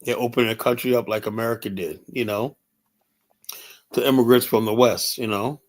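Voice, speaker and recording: A man's voice: medium pitch, fairly even intonation, moderate pace. Casual older guy on a livestream, rambles, says "you know" nonstop, swears freely. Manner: rambling, blunt, profane, many "you know" fillers. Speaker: livestream host. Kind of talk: casual livestream talk reading chat.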